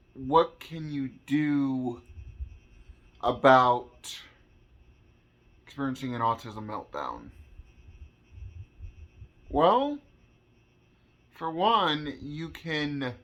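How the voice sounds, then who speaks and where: Slow, halting man explaining earnestly. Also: mid-range voice, fairly bright tone. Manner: slow, halting, repeats words while searching for phrasing; earnest, speaks from own experience. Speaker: vlogger. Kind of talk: personal explainer monologue.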